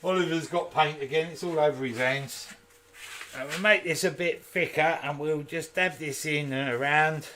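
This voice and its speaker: Male workshop host, casual live demo, chatty and jokey, bright tense tone with a faint hum of the room behind. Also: on the high side, normal speed. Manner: chatty, jokey asides to viewers. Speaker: woodturner and channel host. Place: home workshop.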